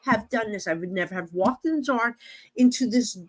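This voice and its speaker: A woman with a New Jersey accent, a guest psychic medium telling stories in a lively conversational way with many fillers. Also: a little high, brisk. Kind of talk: animated storytelling in conversation.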